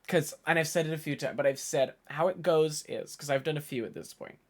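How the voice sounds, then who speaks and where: A man's voice: a little high, brisk, few pauses. A 24-year-old man live-streaming and chatting casually with his viewers, rambling on and thinking aloud, his voice worn and tired after hours of talking.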